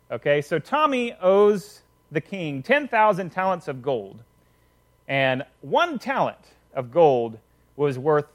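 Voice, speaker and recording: Animated man telling a sermon story. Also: fairly high pitch. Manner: conversational, frequent "okay?" check-ins. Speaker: preacher.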